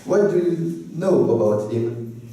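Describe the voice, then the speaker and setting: A man with a French accent gives a convention talk in halting English, playful and often laughing. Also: a little high, lively intonation, a crowd in the background. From France. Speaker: workshop presenter. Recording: echoey hall, distant mic.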